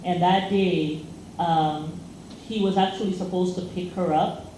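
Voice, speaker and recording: Her voice lowish and dark, a female co-host tells a rambling story filled with fillers during a casual chat. She speaks a little slowly with fairly even intonation, and the recording has echo and faint noise.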